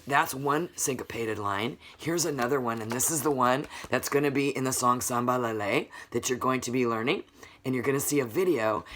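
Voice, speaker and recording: A woman's voice: very deep voice, a bit bright. A woman music teacher giving a recorded lesson for children, patiently counting beats aloud and quizzing the class as she goes.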